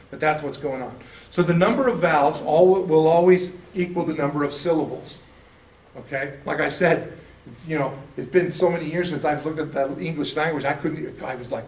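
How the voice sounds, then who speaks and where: A man teaching a church class with a slightly high voice, rambling and stumbling over his words, often asking "okay?" to check in with the room. He is picked up from a distance in an echoey room, with faint noise behind him. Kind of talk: casual classroom lecture.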